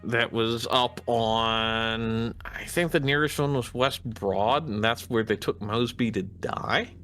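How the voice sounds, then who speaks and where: A man's voice: medium pitch, slow pace, a bit bright, faint music behind. A man with a Midwestern American accent, chatting as a guest on a casual podcast in a rambling, hesitant way. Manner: rambling, hesitant, with many restarts. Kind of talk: casual chat.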